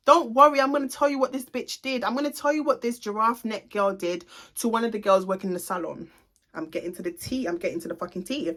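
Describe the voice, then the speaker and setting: Talking fast in a fairly high voice, the young salon owner gossips through a storytime for her viewers. She's blunt, swears freely and speaks right to the audience in this relaxed vlog.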